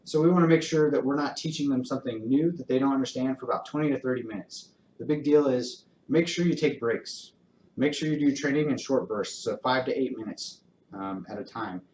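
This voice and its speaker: A man working as a dog trainer, calmly explaining training steps in a clear, encouraging way during a live demonstration. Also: mid-range voice, fairly quick, recorded from a distance, a little hiss or hum. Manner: calm, encouraging, explains step by step. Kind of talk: instructional talk with live demonstration. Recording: roomy echo.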